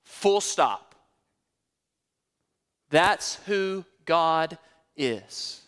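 A man's voice: fairly high pitch, animated, drawn-out words, fairly bright tone, clean tone. A man preaching a sermon, working verse by verse through scripture with rhetorical questions and building to emphatic peaks. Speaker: pastor. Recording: long hall reverb.

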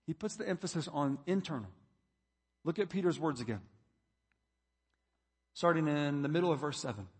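A man's voice: on the high side, expressive, moderate pace, pauses often, husky, long reverb tail. A man preaching a sermon, building to emphatic points as he reads scripture. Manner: preaching, reading scripture aloud with rising emphasis. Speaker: pastor.

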